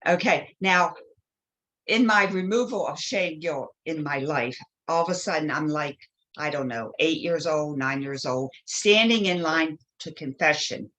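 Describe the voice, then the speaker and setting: A woman speaking as a guest in an interview, telling stories with lively acted-out quotes. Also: deep voice, unhurried, low-quality recording. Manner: animated storytelling with acted quotes. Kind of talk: conversational interview.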